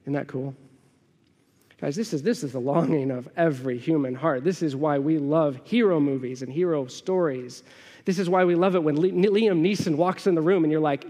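A man's voice: on the high side, normal speed, mellow. A man in his thirties preaching a sermon, conversational and storytelling, often asking the congregation questions. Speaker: pastor. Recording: long hall reverb.

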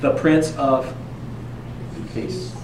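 A man preaching a sermon in a conversational way, mixing joking asides with slow, emphatic lines. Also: mid-range voice, fairly even intonation, noisy background. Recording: roomy echo, distant mic, faint ambience.

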